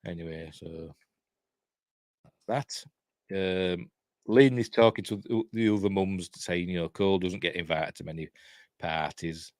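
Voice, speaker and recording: A man's voice: low-pitched, unhurried, long pauses, a little mellow, no echo. A Yorkshire man in his fifties recapping a horror film in a casual, digressive way, with chuckling asides. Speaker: film reviewer.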